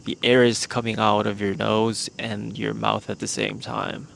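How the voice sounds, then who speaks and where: Man, podcast host, unhurried delivery, gravelly fry, casual rambling, handheld mic outdoors. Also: lowish voice. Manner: relaxed, meandering, with many "like" fillers. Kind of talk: casual solo podcast talk. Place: outdoors in a remote spot. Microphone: handheld microphone.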